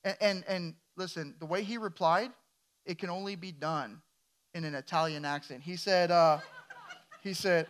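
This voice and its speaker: A man's voice: sits high, fairly even intonation, normal speed. A man preaching a sermon as a pastor, emphatic and firing questions at his congregation.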